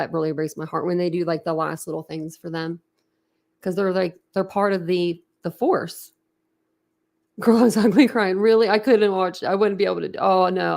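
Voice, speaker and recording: A woman's voice: lowish voice, creaky, a little mellow. A young woman hosting a true crime channel who chats casually with her livestream viewers. She is emotional and talkative, laughs often, and trails off and restarts her sentences. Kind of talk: casual livestream chat, reacting to viewer comments.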